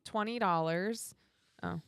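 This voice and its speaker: A woman's voice: on the low side, creaky, clean tone, dry recording. Chatty Michigan woman co-host, dry sound. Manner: chatty, quick to question. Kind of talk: casual chat.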